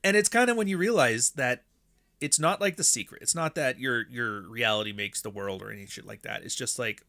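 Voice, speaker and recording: A man hosting a casual commentary monologue, talking bluntly with frequent swearing and animated asides. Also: mid-range voice. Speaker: podcast host.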